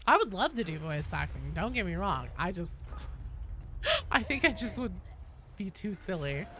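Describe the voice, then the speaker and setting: A young woman streaming a game, chatting casually, reading chat aloud, swearing and breaking into excited squeals. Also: mid-range voice, moderate pace, background noise. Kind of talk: casual gaming livestream chat.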